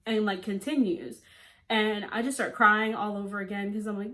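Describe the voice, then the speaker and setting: Young woman vlogger, chatty storytime, says like a lot, mid-pitched voice. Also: moderate pace. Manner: chatty, frequent "like" fillers, animated quoting. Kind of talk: storytime vlog.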